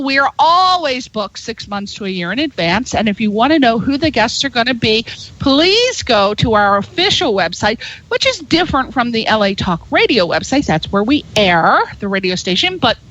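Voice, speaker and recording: Woman radio host rambling on, bright higher voice, kinda dull lo-fi sound. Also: big pitch swings, normal speed, no room sound. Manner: chatty and rambling, spelling out web addresses. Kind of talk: radio show introduction.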